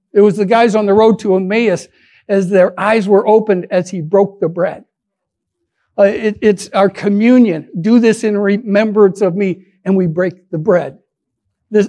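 A male pastor preaching a sermon in an earnest way, often repeating words and restarting, and slowing down to stretch out key phrases. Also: high-pitched, dark tone.

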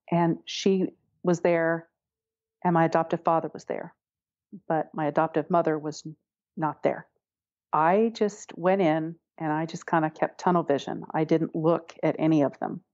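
A woman's voice: low-pitched, darkish tone, dry recording, muffled recording. A woman telling a personal story in an interview, candid and wry, often laughing as she talks. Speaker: interview guest.

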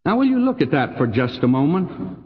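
An older man with a Texan accent preaching a sermon in a folksy, emphatic way, his voice swooping high on key phrases and dropping low. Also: sing-song, a little fast, breathy edge, long reverb tail, dull audio. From Texas. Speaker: pastor.

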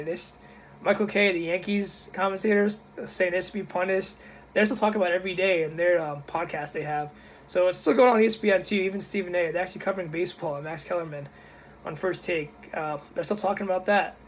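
A young man ranting casually to his camera, indignant and blunt, in a husky voice. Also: sits high, slight background noise. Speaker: YouTuber.

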